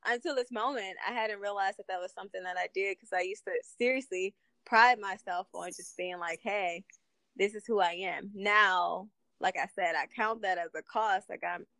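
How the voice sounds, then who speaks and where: A young woman chatting casually in a group conversation, laughing often and telling stories with animated energy. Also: medium pitch, no room sound.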